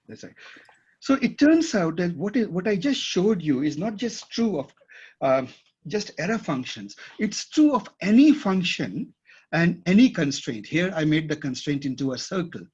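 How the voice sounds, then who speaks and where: A man's voice: sits high, big pitch swings, moderate pace, a little mellow, husky. A man teaching a class at a whiteboard, thinking aloud and often checking that his students follow. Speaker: instructor. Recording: dull lo-fi classroom recording.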